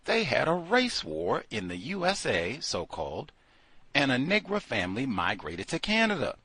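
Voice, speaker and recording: A man talks casually as a call-in host, joking and swinging between loud outbursts and low asides. His voice is bright and lively in pitch. The sound is close and dry. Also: normal speed, breathy edge, no echo. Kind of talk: casual monologue.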